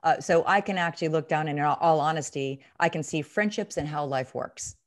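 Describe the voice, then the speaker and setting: A woman's voice: low-pitched, brisk. A middle-aged woman acting coach explaining a reading technique in an interview, emphatic and demonstrative. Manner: emphatic, demonstrative teaching with quoted examples. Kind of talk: instructional interview.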